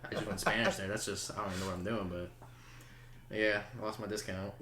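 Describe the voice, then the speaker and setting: A man's voice: mid-range voice, fairly bright tone. A young man co-hosting a podcast, cracking crude jokes in casual chat. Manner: joking, crude humor. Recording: roomy echo.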